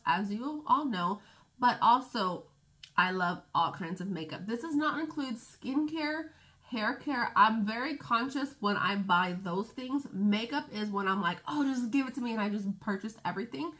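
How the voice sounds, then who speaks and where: A woman's voice: on the high side, sharp tone. A woman beauty vlogger chatting casually to camera, rambling and laughing at her own stumbles.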